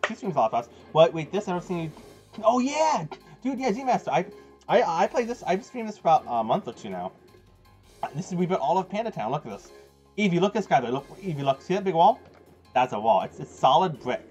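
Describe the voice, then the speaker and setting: A young man chatting casually to his live-stream viewers while playing a game, rambling, excitable and quick to laugh. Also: high voice. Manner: rambling, excitable, laughs often, talks to chat. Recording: dull lo-fi stream audio with game music. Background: game music.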